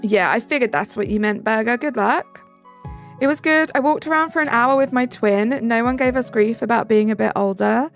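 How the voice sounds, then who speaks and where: Young woman streamer from England, chatty, slightly high and gravelly, soft music underneath. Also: normal speed. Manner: chatty, reacts aloud to viewer comments. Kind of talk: live stream chat, reading comments. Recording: faint music behind.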